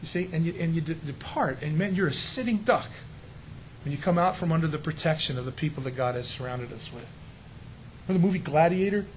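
A man's voice: fairly high pitch, fast, slight background noise, rough recording. A middle-aged male pastor preaching a sermon in an emphatic, conversational way, often asking the congregation rhetorical questions.

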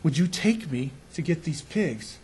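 Polite older village man, as a man puts him on, soft and halting, husky, fairly high. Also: expressive, heavily acted. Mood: quiet pleading.

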